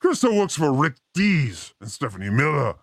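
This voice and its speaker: A man's voice: a little high, big pitch swings, normal speed, vocal fry, dry recording, clean studio sound. A man hosting a casual live-stream chat, provocative and jokey in an irreverent way. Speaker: host.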